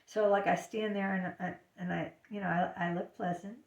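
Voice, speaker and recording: A woman's voice: medium pitch, steady tone, normal speed, vocal fry, darkish tone, recorded from a distance. A woman chatting casually about her own experiences, filling her talk with "you know" and acting out little snatches of dialogue. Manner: chatty, lots of fillers, acts out little voices. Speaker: talker sharing personal experience. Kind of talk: casual personal chat. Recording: echoey room, speaker away from the mic.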